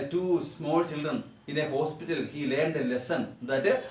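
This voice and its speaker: A man with an Indian English accent explains a text to his class, repeating every line in new words and firing rhetorical questions at his students. His voice sits a little high for a man. He sounds set back from the mic in a roomy, echoing space. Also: far from the mic. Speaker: teacher. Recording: echoey room, voice away from mic.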